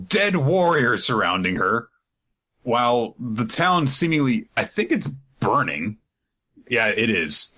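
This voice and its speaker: A man's voice: mid-range voice, pushed and bright. A man co-hosting a podcast, recapping chapters in casual chat and acting out bits in put-on voices. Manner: retells scenes, putting on silly voices. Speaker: podcast co-host.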